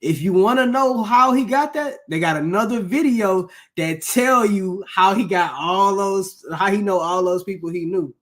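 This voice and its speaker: A man's voice: sits high, normal speed, hardly any pauses, fairly bright tone. A man co-hosting a reaction video, talking emphatically in casual slang.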